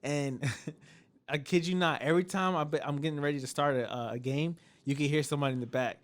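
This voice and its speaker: Animated man on a podcast, higher voice. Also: a little fast. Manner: animated storyteller, acts out voices with big pitch jumps; laid-back, swears freely. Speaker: podcast co-host. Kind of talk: casual chat.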